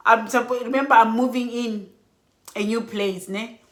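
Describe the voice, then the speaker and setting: Woman vlogger, exhausted, animated storytelling, roomy echo. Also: mid-range voice, moderate pace. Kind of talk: storytime vlog. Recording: echoey room.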